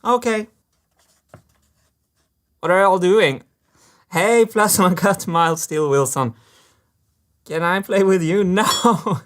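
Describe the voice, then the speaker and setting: A man's voice: sits high, takes it slowly, pauses often, fairly bright tone, voice pushed up. A man voicing small talking machine parts that play together like children, giggly and bickering. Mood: playful.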